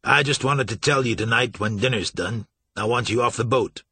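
A man voicing a gruff, stubborn middle-aged riverboat captain who talks in a rough folksy dialect. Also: medium pitch, normal speed, pushed and bright, no room sound. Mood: commanding.

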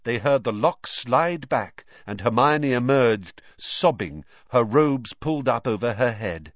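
A man reads a storybook aloud with lively, rising and falling pitch. He is expressive and animated. The recording is dull and dry. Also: measured pace, dry recording. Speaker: audiobook narrator. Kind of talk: scripted storybook narration.

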